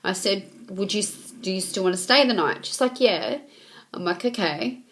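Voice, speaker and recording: A woman's voice: mid-range voice, fairly quick, fairly bright tone. A young woman telling a rambling story to camera, full of ums and reported speech. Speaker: vlogger. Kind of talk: casual storytime vlog.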